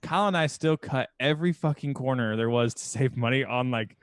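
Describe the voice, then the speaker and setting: A man's voice: mid-range voice, fairly quick. A man co-hosting a podcast in casual chat, laid-back, saying "yeah" over and over and telling stories with quoted lines. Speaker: podcast co-host.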